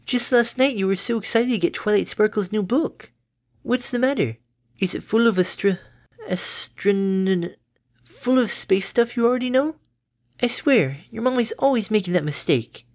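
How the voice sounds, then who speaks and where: A woman's voice: medium pitch, animated, normal speed, darkish tone, voice pushed up, lightly acted. A woman voicing a clumsy, doting mother pony who stammers over her words in a fan fiction reading. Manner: stammers on words, bubbly and tender.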